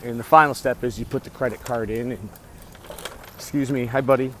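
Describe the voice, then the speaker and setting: City sounds fill the background as a vlogger cycles and recounts a rambling, foul-mouthed story to his camera, stopping to restart and muttering to himself. His medium-pitched, slightly bright voice stays steady and moves a little fast.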